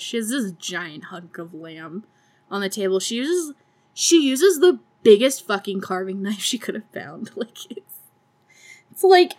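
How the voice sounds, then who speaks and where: A woman hosting a podcast, recapping a movie in casual chat with sarcastic, profane asides and frequent laughter. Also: mid-range voice. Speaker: podcast host.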